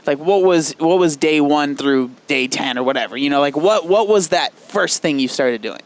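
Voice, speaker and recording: A man hosting a podcast interview, asking curious questions and sharing advice in a measured, encouraging way. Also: on the high side, lively intonation. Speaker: podcast host. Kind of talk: interview conversation.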